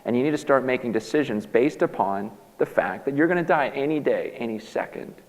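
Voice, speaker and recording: A man preaching a sermon as a pastor, emphatic and animated, often restarting his sentences. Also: medium pitch, a little fast. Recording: long hall reverb.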